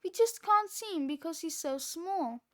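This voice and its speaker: A woman reading aloud, voicing a quick-thinking young boy who yells orders. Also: very high-pitched, expressive. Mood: wondering. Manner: yelling, urgent.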